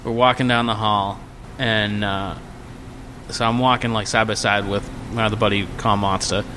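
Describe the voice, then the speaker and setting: A man co-hosting a podcast, telling a drinking story in a casual, animated, profane way. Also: on the low side, normal speed, in a large hall, background noise. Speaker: podcast co-host.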